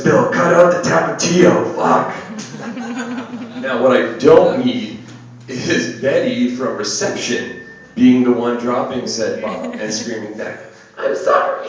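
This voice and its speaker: Young man, deadpan stand-up comic, heard from across the room, very echoey phone video. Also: medium pitch. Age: young adult. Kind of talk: stand-up set. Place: small comedy venue. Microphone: phone camera across the room. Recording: distant echoey phone video of a club set. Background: audience laughter.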